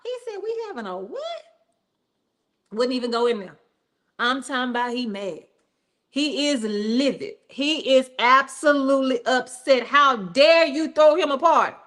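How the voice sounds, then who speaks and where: Woman preacher, high-pitched, chatty and animated delivery with frequent asides. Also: measured pace. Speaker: pastor. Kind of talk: sermon.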